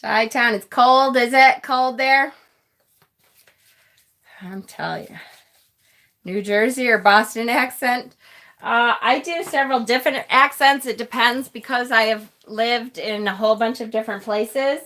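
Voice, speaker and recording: A woman's voice: a little high, a little slow, bright, forceful tone. A woman from Rochester, New York, giving casual live tarot readings, chatty and affectionate as she answers viewers' comments. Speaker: tarot reader and channel host.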